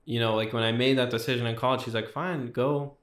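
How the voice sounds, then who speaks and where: A man's voice: medium pitch, level tone, racing, a bit bright, roomy sound. A young man sharing his personal testimony as a guest, talking casually with lots of fillers. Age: young adult. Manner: casual, filler-heavy storytelling with many likes.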